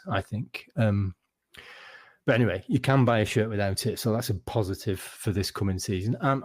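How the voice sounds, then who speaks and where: Bloke hosting a footy pod, wry, stumbly, dry close sound. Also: male voice, lowish voice, darkish tone, dry recording. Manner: wry, halting, lots of restarts. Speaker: podcast host. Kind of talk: casual football podcast chat.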